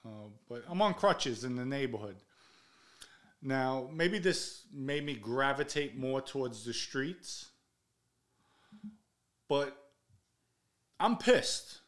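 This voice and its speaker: A man's voice: mid-range voice, takes it slowly, long pauses, fairly bright tone. A middle-aged man, bluntly telling a story from his past as an interview guest, swearing freely and acting out the people he quotes. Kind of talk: candid storytelling.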